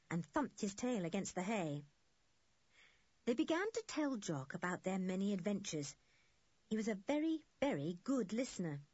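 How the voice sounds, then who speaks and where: A woman narrating a children's adventure story, reading lively and switching into voices for the children. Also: on the high side, breathy edge, dry recording, muffled recording. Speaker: audiobook narrator.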